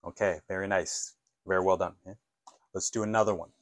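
A man teaching an English lesson, modeling phone phrases clearly and patiently asking listeners to repeat after him. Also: low-pitched, fairly even intonation, a little fast, no room sound.

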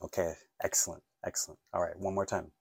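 Deep-voiced English teacher, dry sound. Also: male voice, level tone, fast talker, creaky, breathy edge, dry recording. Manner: encouraging, repeats words, checks in with "okay?". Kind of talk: online English lesson.

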